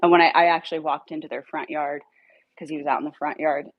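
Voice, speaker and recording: A woman casually telling a dog rescue story, animated, swearing now and then and acting out her own lines. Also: quick pace, highs cut off, slight background noise. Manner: animated, acts out her own dialogue in a higher voice; swears casually when irritated.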